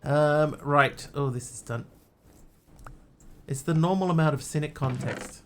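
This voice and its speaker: A man's voice: fairly high pitch, unhurried, a bit bright, slight background noise. A man streaming a video game live, chatting casually and thinking aloud in muttered asides. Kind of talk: casual live gameplay commentary.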